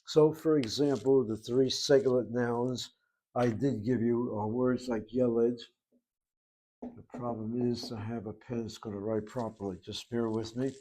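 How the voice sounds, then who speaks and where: A man's voice: mid-range voice, fairly even intonation, measured pace, mellow, slight background noise. A man giving a classroom lecture on Hebrew grammar, methodically spelling out vowels and letters at the board. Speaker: Hebrew teacher.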